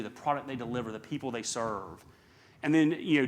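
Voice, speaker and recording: A middle-aged man speaking at a seminar, brisk and emphatic, firing off rhetorical questions to the audience. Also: medium pitch. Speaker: conference speaker. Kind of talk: live seminar talk.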